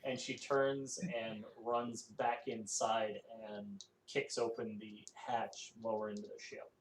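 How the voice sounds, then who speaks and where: Guy running a tabletop game, talks slow with lots of ums, echoey room. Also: fairly low pitch, little pitch movement. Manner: halting, many fillers. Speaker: game master. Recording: echoey room, faint noise.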